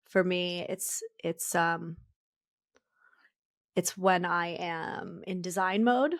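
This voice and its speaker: Gravelly-voiced woman in her forties. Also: fairly low pitch, slow pace, no room sound, studio quality. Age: 40s. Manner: warm, reflective, laughs often. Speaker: podcast co-host. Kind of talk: casual chat.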